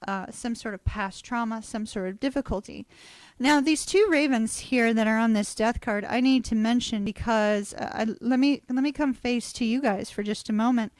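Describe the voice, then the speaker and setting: A woman's voice: fairly high pitch, no echo. A middle-aged woman, chatting through a live tarot reading and laughing often as she tells stories. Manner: chatty, storytelling, swears casually. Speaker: tarot reader.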